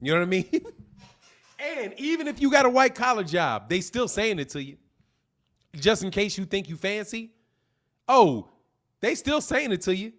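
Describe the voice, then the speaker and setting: A man with a high voice rants on a live stream, swearing freely and mocking a viewer. He taunts and laughs between jabs, like a boxing channel host going off on a heckler. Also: very animated, moderate pace, pauses often, fairly bright tone.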